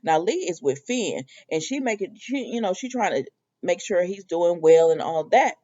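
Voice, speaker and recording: A woman's voice: on the low side, normal speed. Chatty woman recapping soap episodes. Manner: chatty and animated, laughs while retelling scenes. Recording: dull lo-fi dry recording.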